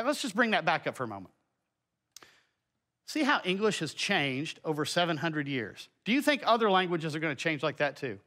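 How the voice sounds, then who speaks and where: Guy teaching a kids bible class, high bright voice, chatty and folksy. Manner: folksy and conversational, with many asides and filler words. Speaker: teacher presenting a children's Bible lesson. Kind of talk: presentation lesson with slides.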